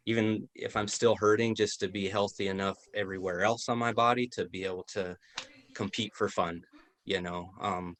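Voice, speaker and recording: Easygoing man with a low voice. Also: a bit bright. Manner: easygoing storytelling, self-deprecating. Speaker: podcast guest. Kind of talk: casual chat.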